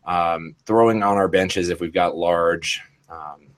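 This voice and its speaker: Man, podcast host, low voice, casual chat, laughs a lot. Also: fairly even intonation, slow. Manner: laughs often, many fillers and restarts.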